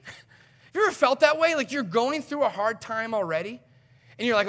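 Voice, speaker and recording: A male pastor preaching a sermon in an animated, conversational way with emphatic swings in delivery. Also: very high-pitched, normal speed.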